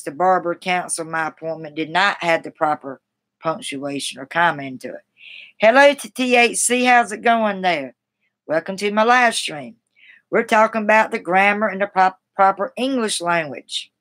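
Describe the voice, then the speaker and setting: A woman's voice: mid-range voice, fairly bright tone. A woman on a live stream reading aloud from a grammar book, stumbling over and restarting words, with chatty asides to her viewers. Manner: halting, restarts words, self-deprecating and chatty.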